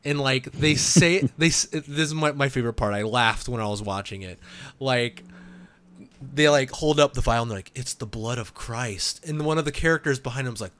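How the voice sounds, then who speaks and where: Guy on a podcast, animated, laughs a lot, says like constantly, dry close sound. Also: mid-range voice, brisk, clear, resonant tone, no echo. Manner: animated and laughing, heavy use of "like". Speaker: podcast co-host. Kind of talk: casual podcast chat.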